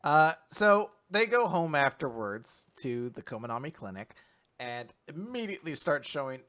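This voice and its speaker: Male podcast host, bright, slightly high voice, animated casual retelling. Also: moderate pace. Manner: animated retelling, acts out quotes, laughs a lot. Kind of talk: casual manga recap chat.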